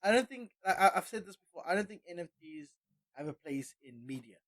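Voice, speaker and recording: A high-voiced man co-hosting a casual podcast, giving his opinions with a lot of energy. He tends to stumble and repeat words when he gets worked up. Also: lively intonation, brisk, a bit bright. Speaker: podcast co-host.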